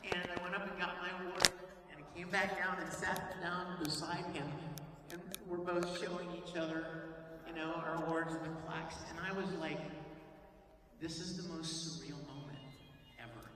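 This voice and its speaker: A man, a voice actor, telling an animated, emotional story to a convention panel audience. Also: a little high, normal speed. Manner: animated, emotional, laughs often. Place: large convention hall. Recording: echoey hall, distant mic, noisy.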